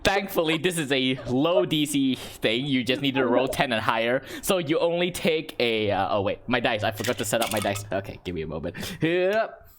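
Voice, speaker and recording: A man narrating as game master of a tabletop role-playing game, relaxed, chuckling and breaking off his sentences. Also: medium pitch, moderate pace, a crowd in the background.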